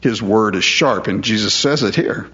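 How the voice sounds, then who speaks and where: A man's voice: lowish voice, moderate pace, pushed and bright, highs cut off. Man preaching, conversational and questioning. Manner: conversational, asks rhetorical questions. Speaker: pastor. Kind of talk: expository sermon.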